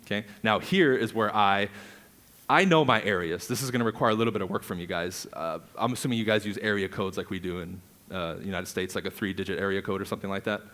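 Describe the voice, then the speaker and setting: A man's voice: fairly low pitch, fast. A man coaching a live audience on real estate prospecting, energetically acting out client dialogue. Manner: energetic, acts out client dialogue, laughs often. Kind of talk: live seminar teaching.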